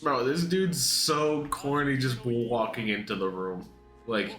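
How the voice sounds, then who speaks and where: Excitable, profane young man reacting to anime. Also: mid-range voice, takes it slowly, faint music behind. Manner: excitable, profane, laughing, mocking the characters in put-on voices. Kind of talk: casual reaction commentary. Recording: echoey room.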